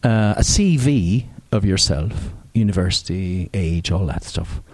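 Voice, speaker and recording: A man doing an impression of an older Irish woman novelist, giving brisk, matter-of-fact advice in an Irish accent. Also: sits low, expressive, darkish tone. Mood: breezy advising.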